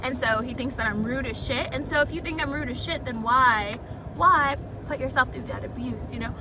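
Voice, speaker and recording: Young woman, high voice, rambling, swearing, exasperated, driving with road noise, phone mic. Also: moderate pace. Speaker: vlogger. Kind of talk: casual live-stream chat while driving. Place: in a car. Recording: phone audio with loud car noise. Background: road and traffic noise.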